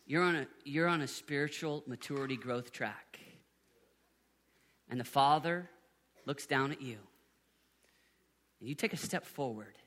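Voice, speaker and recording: A middle-aged man preaching to a youth conference, animated, swinging from hushed tones to shouts. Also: mid-range voice, unhurried, long pauses. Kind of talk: sermon. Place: conference venue in Birmingham, Alabama.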